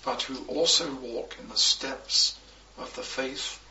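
A man preaching a sermon, slow and emphatic, with measured pauses between phrases. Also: mid-range voice, sharp tone, a little hiss or hum. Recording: echoey, distant, dull recording.

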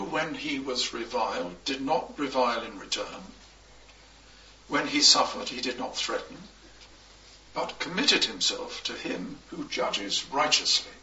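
A man preaching a sermon, slow and emphatic, with measured pauses between phrases. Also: medium pitch, pushed and bright, a little hiss or hum. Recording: echoey, distant, dull recording.

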